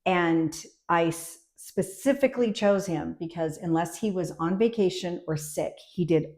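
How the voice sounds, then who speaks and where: A woman's voice: fairly low pitch, moderate pace. A woman midwife chatting as an interview guest in a medium voice. She tells stories with energy and brief impressions, and her tone rises and falls expressively. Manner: animated storyteller, acting out quotes. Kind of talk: casual interview chat.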